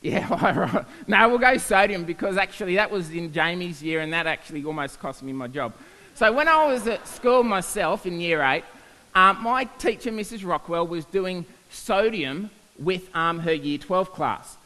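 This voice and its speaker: Lively man telling stories. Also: high voice, normal speed. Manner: animated, laughs at his own stories. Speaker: science teacher giving a talk. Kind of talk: storytelling talk to an audience. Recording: hall reverb.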